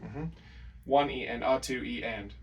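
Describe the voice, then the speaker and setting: A man teaching a drum lesson, counting and scatting the rhythms out loud. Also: mid-range voice, a little slow, loud music behind the voice. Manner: counts and scats rhythms aloud. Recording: far from the mic, drums playing loud.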